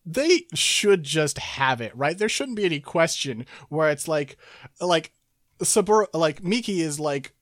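A man in casual chat, recapping a game's story with lots of fillers, laughs and quick quoted asides. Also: on the high side, expressive, a bit bright, no room sound, studio quality. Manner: rambling, laughing, quoting characters in quick asides. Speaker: podcast co-host recapping a game.

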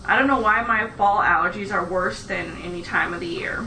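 A woman's voice: mid-range voice, fairly quick, a crowd in the background. A woman co-hosting a casual chat, talking in a chatty way and reading listener replies aloud. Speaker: podcast co-host. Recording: echoey room, distant from mic.

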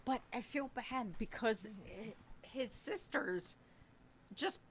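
A woman's voice: fairly high pitch, lively intonation, a little hiss or hum. A woman in casual podcast chat, talking frankly and swearing freely about family life. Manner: frank and sweary, slow drawn-out phrasing.

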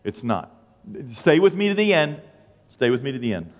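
A man preaching a sermon as pastor, acting out dialogue with lively asides. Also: mid-range voice, moderate pace, long reverb tail. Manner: animated, acts out dialogue, self-deprecating asides. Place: church sanctuary.

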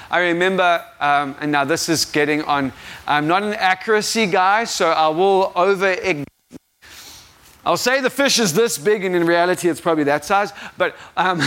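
A man's voice: a little high, fairly bright tone. A young adult man with a South African accent preaching an informal sermon, rambling and self-deprecating, laughing at himself often. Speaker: guest preacher.

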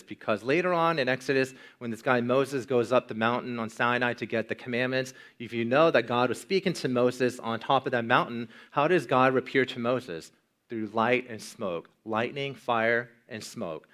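A man preaching a sermon in a mid-pitched voice. He poses rhetorical questions to his listeners and swings between hushed, dropped lines and loud, rising emphasis. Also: lively intonation, normal speed. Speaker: pastor.

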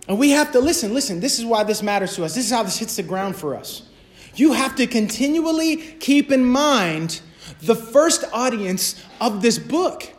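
A man preaching a sermon as a pastor, passionate and repetitive, rising to shouts. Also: extremely high pitch, animated, normal speed.

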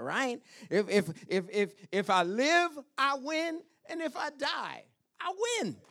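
A pastor delivers a chapel sermon in a high, lively voice that leaps up and down, unhurried and deliberate. He draws the congregation in with call-and-response and slips into hushed, whispered asides. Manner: animated preaching with call-and-response "Amen?"; drops to a whisper and quiet asides.

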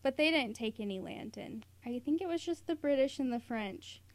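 Woman, American, casual podcast chat, higher voice, dry close sound, rambling with fillers. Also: moderate pace, dry recording. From United States. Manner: chatty, animated, many fillers and laughs. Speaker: podcast co-host.

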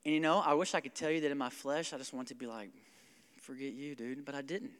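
A young male pastor preaching in a church hall, his high, bright voice rising with energy. He talks conversationally, with quick asides to the listeners, and a long reverb trails each phrase. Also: smooth. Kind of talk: sermon. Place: church sanctuary.

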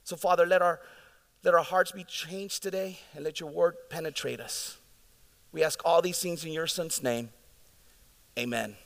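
A man preaching a sermon as pastor, telling the story in a lively, casual way and acting out the scenes. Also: on the high side. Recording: long reverb of a large hall.

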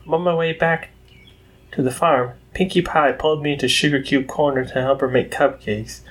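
A friendly, polite farm pony girl with a folksy country drawl, as a man reading the story puts her on. The voice sits a bit higher than plain talk and stays courteous and easygoing. It is told as a storybook reading. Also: steady tone, moderate pace, close to an everyday voice.

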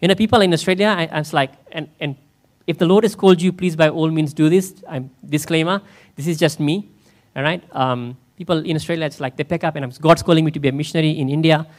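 A man's voice: a little high, brisk, few pauses. A man in the role of pastor, preaching a conversational sermon in church and often asking his listeners questions. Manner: conversational, asks the congregation questions.

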